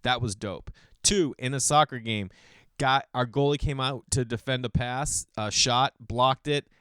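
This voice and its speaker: At a measured pace, a podcast-hosting comedian from Boston talks loosely and comedically to his listeners, his smooth, resonant voice recorded dry and close with no surrounding room. He rambles, booms out acted bits, drops to low mumbles, swears casually, and calls everybody dude.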